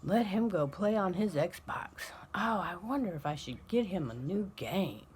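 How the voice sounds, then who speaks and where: A woman voicing a soft, pushover parent who coos pityingly over her child, half in a whisper. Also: fairly low pitch, expressive, a little slow, slight background noise. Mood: doting.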